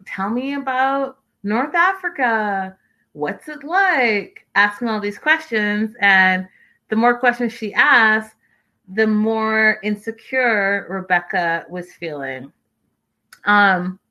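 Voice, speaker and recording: A woman hosts a casual live recap of a reality show and talks straight to her viewers. She is chatty and opinionated and slips in exasperated asides. Her voice is bright and forward, at a medium pitch. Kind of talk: casual live-stream commentary.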